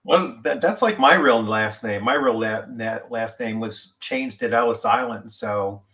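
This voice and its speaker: A man's voice: medium pitch, a little slow, pushed and bright. A man with a mid-range voice chatting casually on a podcast. He wanders through his thoughts, stopping often for "uh" and "you know" as he explains. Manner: meandering, with many "uh" and "you know" fillers. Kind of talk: casual chat.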